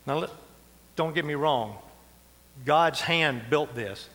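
A man's voice: on the high side, slow pace, fairly bright tone. A man preaching a sermon as pastor, folksy and conversational, with asides and chuckles. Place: church sanctuary. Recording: long reverb of a church hall.

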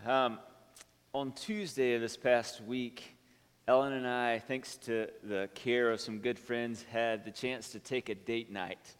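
A man's voice: mid-range voice, flat delivery, takes it slowly, long pauses, clear, resonant tone. Man preaching in a reverberant hall. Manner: conversational storytelling with many restarts and fillers. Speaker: pastor. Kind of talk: sermon.

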